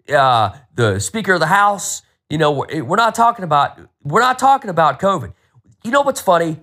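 A man hosting a solo podcast, ranting with exasperation and plenty of profanity. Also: fairly high pitch. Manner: profane, exasperated, animated rant. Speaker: podcast host.

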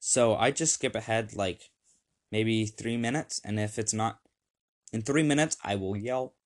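A man's voice: on the low side, measured pace. A young man hosting a casual home podcast, upbeat and rambling, with many fillers, reading lists off a screen. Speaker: podcast host.

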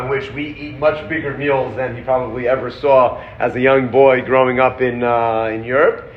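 A man teaching a Torah class, animated and quick, acting out the sources he quotes. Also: a little high. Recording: roomy, dull audio with faint background noise.

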